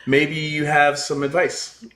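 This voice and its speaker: A man's voice: a little high, completely flat delivery, takes it slowly, bright, forceful tone, reverberant. A middle-aged man co-hosting a casual advice chat, teasing and prompting with questions. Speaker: co-host.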